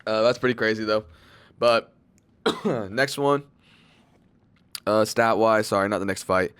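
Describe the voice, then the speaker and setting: A man's voice: on the low side, a little slow, fairly bright tone, clean tone, no room sound. A young man giving casual, rambling fight predictions, loose and slangy, with lots of fillers and swearing. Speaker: MMA fight predictions channel host.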